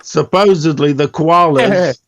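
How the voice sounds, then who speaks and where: A man with a fairly high voice talks on a voice call, brash and rambling, swearing freely. The sound is dry, with no room around it. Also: a little slow, no echo. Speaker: podcast guest. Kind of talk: casual voice-chat banter.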